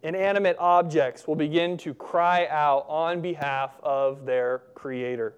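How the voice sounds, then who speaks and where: A young man preaching a sermon in a relaxed, conversational way, with humorous asides. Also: a little high, measured pace, smooth, muffled recording. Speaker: pastor.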